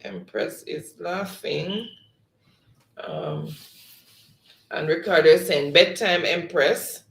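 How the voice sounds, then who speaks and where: A man's voice: fairly high pitch, slow, vocal fry, fairly bright tone, roomy sound. A man hosting a quiz game on a live stream, reading out the players' chat answers and laughing often. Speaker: game show host.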